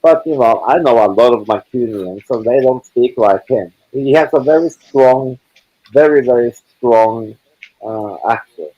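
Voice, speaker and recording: A man's voice: mid-range voice, measured pace, lo-fi sound. Blunt rambling man in casual chat. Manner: blunt, swearing, rambling with restarts. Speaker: live chat participant. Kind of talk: casual group video chat.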